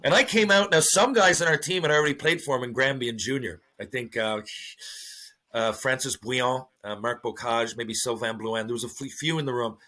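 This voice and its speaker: A middle-aged man, a former hockey player, telling stories as a podcast guest in a lively, profane way, acting out what others said. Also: medium pitch, fairly quick. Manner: animated storyteller, swears freely, acts out quotes. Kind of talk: casual storytelling interview.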